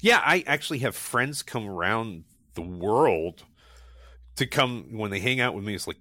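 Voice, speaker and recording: A man's voice: on the low side, expressive, measured pace, bright, forceful tone, no echo. A man chatting casually as a guest, telling enthusiastic, rambling stories full of restarts and fillers. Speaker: guest recommending local car meets. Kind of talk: casual conversational storytelling.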